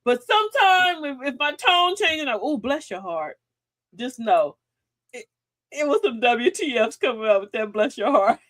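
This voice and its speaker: A woman's voice: high-pitched, lively intonation, moderate pace, a bit bright, no echo. A woman hosting a live advice show, sassy and preachy, who laughs often and calls her listeners sis and queen. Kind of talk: livestream advice talk.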